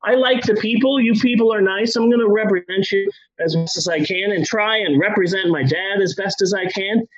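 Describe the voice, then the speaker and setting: A man's voice: sits high, normal speed, hardly any pauses, slightly rough, muffled recording. A man voicing a careless, rebellious young puppet king in a comedy story, with a casual, swearing, exasperated delivery. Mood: upbeat.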